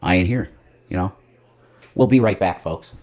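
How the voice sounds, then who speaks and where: Speaking at a normal speed in a deep voice, a man who styles himself a reverend gives a profane, meandering comedic monologue over a livestream, alternating loud bursts with mutters.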